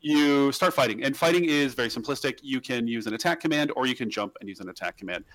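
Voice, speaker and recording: Guy rambling fast on a podcast, dry close sound. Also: mid-range voice, expressive, fairly bright tone, dry recording. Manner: rambling, with many restarts and fillers. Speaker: podcast host. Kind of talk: casual podcast chat.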